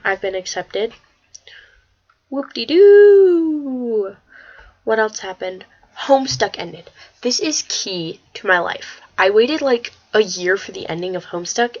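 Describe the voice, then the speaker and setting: A teenage girl chatting in a casual vlog, rambling and excitable, swearing when she gets worked up. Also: medium pitch. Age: teens. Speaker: vlogger. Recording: slightly dull lo-fi webcam audio.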